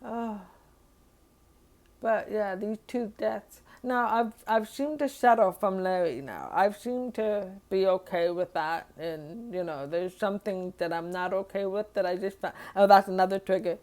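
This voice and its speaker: This vlogger's medium-pitched voice has a darkish tone and a measured pace. She's upset and overwhelmed, talking through a rough day in a rambling, emotional diary vlog full of sighs and nervous laughter.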